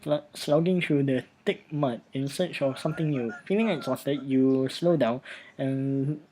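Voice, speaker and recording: A man's voice: mid-range voice, unhurried, mellow, slight background noise, poor audio. A man hosting a let's play, reading a text game aloud and often stumbling and repeating words.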